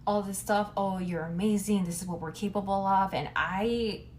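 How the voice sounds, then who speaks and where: A woman's voice: mid-range voice, steady tone, normal speed, a little mellow, a little hiss or hum. Rambling young woman telling a storytime. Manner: rambling, profane, lots of "like". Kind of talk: casual storytime.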